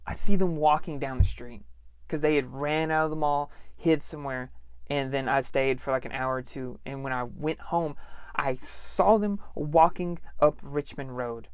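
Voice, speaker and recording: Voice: medium pitch, clear, resonant tone, no room sound. Profane podcaster telling a story, dry sound. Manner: profane, animated, acts out dialogue. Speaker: podcast host. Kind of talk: casual storytelling.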